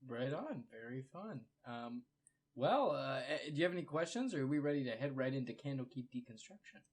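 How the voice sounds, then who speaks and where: A man narrating as game master in a relaxed, casual way. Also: medium pitch, a little fast, breathy edge.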